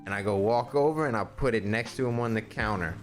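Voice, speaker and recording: Animated swearing man telling a story. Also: on the low side, quick pace, faint music behind. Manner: animated storytelling, acts out the people in his story, swears freely. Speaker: storyteller guest on podcast. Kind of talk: casual storytelling on a stream podcast.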